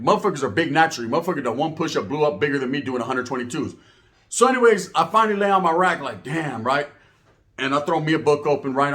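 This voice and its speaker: A man's voice: mid-range voice, a bit bright. A man telling a rambling, profane story in heavy street slang, tagging lines with "right?". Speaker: storyteller recounting prison life. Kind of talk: casual storytelling.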